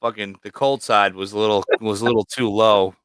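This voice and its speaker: A man's voice: on the low side, fairly even intonation, brisk, clear, resonant tone, no room sound, studio quality. Swearing man telling snake stories. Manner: profane storyteller, acts out quotes loudly. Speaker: livestream guest, snake breeder. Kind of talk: casual chat.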